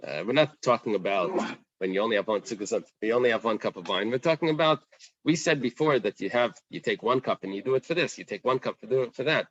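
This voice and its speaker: A man's voice: medium pitch, fast talker, lo-fi sound. A man teaching a casual Talmud class, talking things through and acting out the questions in the text. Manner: conversational, animated, acts out the Gemara's questions.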